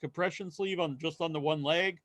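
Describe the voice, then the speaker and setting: A man co-hosting a podcast, telling a long story in casual chat and acting out other people's lines loudly. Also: on the high side, steady tone, moderate pace, no room sound. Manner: rambling storyteller, acts out quoted voices loudly. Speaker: podcast co-host.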